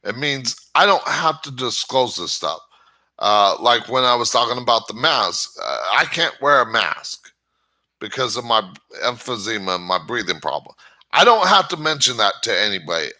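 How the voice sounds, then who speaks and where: A man's voice: medium pitch, big pitch swings, normal speed, bright, forceful tone. A man hosting his own channel, giving a rambling casual monologue and often stammering over restarts. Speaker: channel host.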